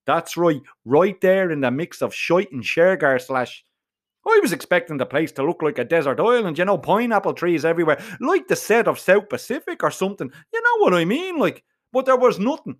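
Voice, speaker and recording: A man's voice: high-pitched, fairly quick. A man telling a comic first-person story, full of swearing and slang. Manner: profane, slangy, animated.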